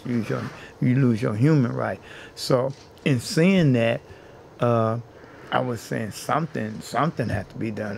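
A man with a gravelly, creaky voice at an ordinary pitch recounts his own story as an interview guest. He talks earnestly and stacks repeated phrases to drive each point home, with a faint hiss behind him. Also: darkish tone. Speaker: interview guest, housing activist.

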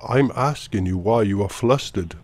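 A man making prank phone calls, speaking in a calm, mock-concerned way and repeating the same questions to needle the person on the line. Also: fairly low pitch, normal speed. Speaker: prank caller.

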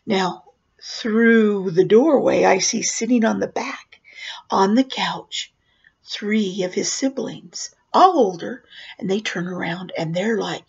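A woman's voice: mid-range voice, slow, gravelly, breathy edge, dull audio. A woman who works as a professional clown tells a personal story, acting out the voices and dropping to whispers. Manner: animated, acts out voices and drops to whispers.

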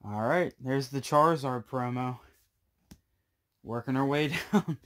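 In a casual vlog, a YouTuber who collects cards rips open trading card packs on camera, speaking a little slowly in a medium-pitched, somewhat bright voice. He addresses viewers in a breathless, exclamatory way.

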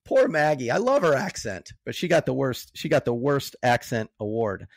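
A man's voice: mid-range voice, big pitch swings, normal speed, no echo. A man co-hosting a movie podcast in loose, chatty talk that speeds up in bursts. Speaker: podcast co-host. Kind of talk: casual movie chat.

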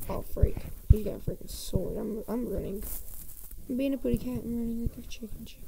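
A woman with a fairly high voice talks her way through a game, jumpy and nervous, muttering to herself and slipping into whispers. Her home recording carries a clear layer of noise. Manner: jumpy, nervous self-talk, dropping to whispers. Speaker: gameplay commentator. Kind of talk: live gameplay commentary.

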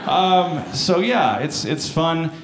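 An American man doing a stand-up comedy set, telling self-deprecating stories with lively jumps in pitch. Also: slow pace. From United States. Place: comedy stage with live audience. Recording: roomy stage sound, audience noise.

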